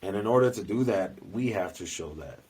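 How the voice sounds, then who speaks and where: A man with a fairly low voice chats casually on a podcast. He talks loosely, full of slang, and swears freely. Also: lively intonation, brisk, a little mellow, breathy edge, low-quality recording. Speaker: podcast co-host and youth coach. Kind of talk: casual chat.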